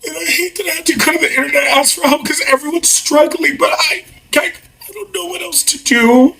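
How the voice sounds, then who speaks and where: A trans woman influencer speaking in a halting, emotional confessional video, full of fillers and restarts. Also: high voice, gravelly, pushed and bright, far from the mic, poor audio.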